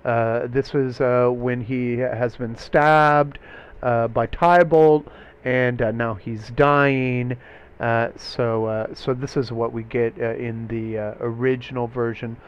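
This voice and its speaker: A male teacher giving a recorded literature lecture, hesitant, full of fillers and throat-clearing. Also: medium pitch, steady tone, slow, lo-fi sound.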